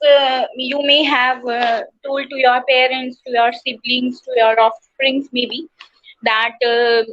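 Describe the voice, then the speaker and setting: A woman with an Indian English accent giving an online class lecture to students, explaining slowly with many pauses and fillers. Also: sits high, fairly bright tone. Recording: dull lo-fi online class audio.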